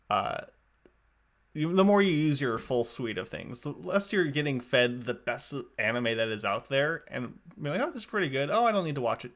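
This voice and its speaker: A man with a medium-pitched, slightly bright voice hosts a podcast in a relaxed, rambling way. He's wry and keeps correcting himself, often restarting his sentences.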